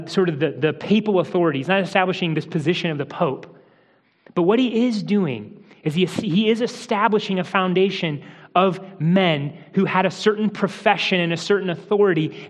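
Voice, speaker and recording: High-voiced man preaching in a hall. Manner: explanatory teaching with restarts, softens for quoted lines. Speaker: pastor. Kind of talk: sermon.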